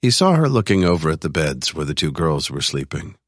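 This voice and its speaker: Very deep-voiced male audiobook narrator. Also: very animated, brisk, no room sound, studio quality. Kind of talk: scripted thriller narration.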